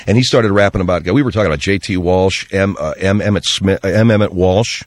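A middle-aged man hosting a radio show, telling an animated story and slipping into voices when he quotes people. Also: deep voice, fairly quick, hardly any pauses, no room sound. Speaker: radio host. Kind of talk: storytelling monologue on talk radio.

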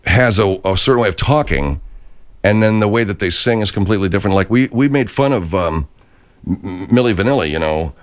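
A man's voice: lowish voice, lively intonation, a little fast, clean tone. A man hosting a radio comedy talk show, hesitant and often exasperated. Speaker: host.

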